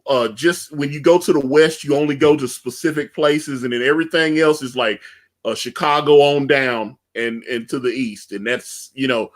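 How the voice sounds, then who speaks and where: A man co-hosting a casual wrestling podcast, telling animated stories. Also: medium pitch, moderate pace. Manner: animated storyteller who acts out quotes. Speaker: podcast co-host.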